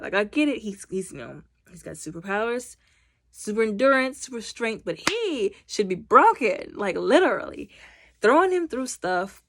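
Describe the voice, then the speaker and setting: A woman giving a casual movie review, talking in a chatty, animated way full of slang and fillers. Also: medium pitch, normal speed. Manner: animated, acts out scenes in quoted voices.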